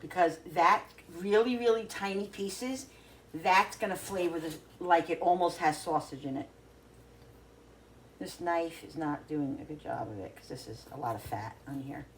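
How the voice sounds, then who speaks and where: A woman talking casually to her viewers while cooking in her home kitchen, rambling and thinking out loud as she works. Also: on the low side, moderate pace, a little hiss or hum. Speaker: cooking vlogger. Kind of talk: casual cooking vlog chat.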